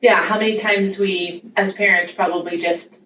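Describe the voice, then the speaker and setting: A woman's voice: mid-range voice, steady tone, normal speed, pushed and bright. A woman hosting a parenting podcast, chatting casually and enthusiastically, acting out little quoted lines as she talks. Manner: enthusiastic, affirming, acts out quotes. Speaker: podcast host. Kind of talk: casual conversational interview. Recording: echoey room, distant mic, faint noise.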